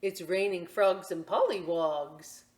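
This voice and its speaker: A woman voicing a cheerful little boy who pretends to be a frog, in a high, bouncy, playful child voice for a storybook read-aloud. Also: slow pace, darkish tone. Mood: gleeful.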